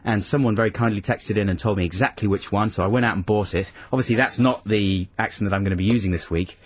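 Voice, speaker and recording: A man's voice: fairly low pitch, quick pace, a little hiss or hum. A man co-hosting a radio show in a studio, teasing and playful in casual banter. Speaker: radio co-host.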